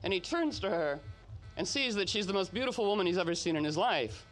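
Male host, animated storyteller, high voice, chatty asides. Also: fast talker. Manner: chatty, animated, frequent "you know" asides. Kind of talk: casual spoken storytelling talk.

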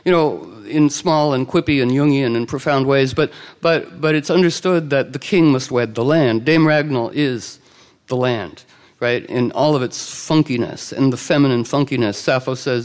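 A man telling an old legend to a live audience in a lively, conversational way, with quick asides and quoted character lines. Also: mid-range voice. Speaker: storyteller. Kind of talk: oral storytelling to a live audience.

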